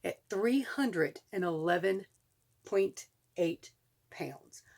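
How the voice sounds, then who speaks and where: A woman in her forties with a Southern US accent, chatting excitedly to her vlog viewers and laughing often. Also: on the low side, slow pace, creaky. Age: 40s. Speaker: vlogger. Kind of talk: casual chat to camera.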